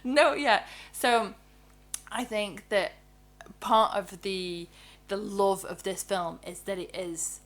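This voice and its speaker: A woman, co-hosting a podcast in casual, animated chat, speaking in quick bursts with frequent laughs and restarts. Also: mid-range voice. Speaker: podcast co-host.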